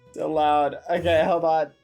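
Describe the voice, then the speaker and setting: A man livestreaming and chatting casually, fretting nervously and cursing mildly with "fudge". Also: a little high. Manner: fretful, nervous, swears softly with "fudge". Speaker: streamer. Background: background music.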